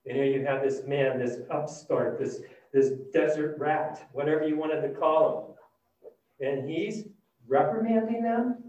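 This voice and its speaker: A man preaching a sermon, retelling a scripture story with animated, dramatic shifts between loud and hushed delivery. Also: on the high side. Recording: distant, dull and very echoey.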